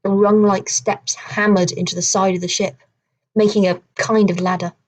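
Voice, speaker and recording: A woman reads a children's adventure novel aloud in steady, measured storybook narration. Her voice sits at an ordinary middle pitch and keeps an even pace. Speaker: audiobook reader.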